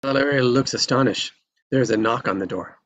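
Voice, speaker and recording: A man's voice: medium pitch, a little fast, a bit bright, lo-fi sound. A man reading the stage directions in a table read, in a plain, matter-of-fact way.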